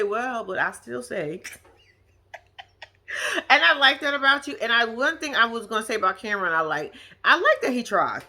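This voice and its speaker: Woman, bright lively voice, chatty slangy TV recap vlogger. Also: on the high side. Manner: animated, slangy, laughs often. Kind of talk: casual recap commentary.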